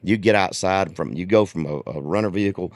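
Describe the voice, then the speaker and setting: A man with a very low voice hosts an easygoing interview. He tells stories in a folksy, relaxed way, in a dry, close-sounding recording. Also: brisk, dry recording. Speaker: podcast host. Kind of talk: casual interview chat. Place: tour bus.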